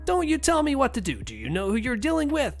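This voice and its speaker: Man putting on a shrill furious entitled mother. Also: wildly swooping pitch, quick pace, creaky, faint music behind, heavily acted. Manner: shrieking, indignant, demanding. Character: shrill entitled angry mother, middle-aged woman.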